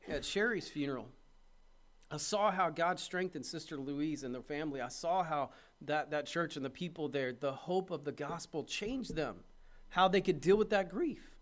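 High-voiced pastor preaching. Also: male voice. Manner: impassioned preaching, swings between loud urging and soft tenderness. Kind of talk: sermon.

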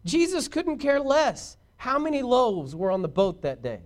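High-voiced preacher man delivering a sermon. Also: a little slow. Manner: animated preaching, swings from shouting to hushed; conversational asides to the congregation. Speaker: pastor.

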